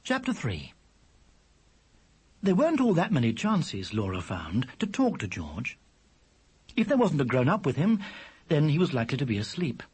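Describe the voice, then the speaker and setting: A narrator reading a children's story aloud, with a measured delivery that drops low for the speech tags. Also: wildly swooping pitch, a little mellow, breathy edge. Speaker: audiobook narrator.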